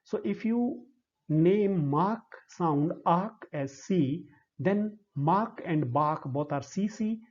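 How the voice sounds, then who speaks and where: Slow-spoken Indian English male lecturer. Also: a little high, a little mellow, breathy edge. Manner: slow and deliberate, spells out syllables one by one. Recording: dull lo-fi recording.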